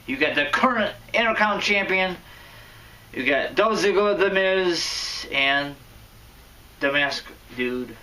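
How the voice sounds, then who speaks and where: Slow, bright-voiced rambling vlogger man. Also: on the high side, far from the mic, low-quality recording. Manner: rambling, self-correcting, prone to sudden bursts of loudness. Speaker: wrestling vlogger. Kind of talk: casual vlog commentary.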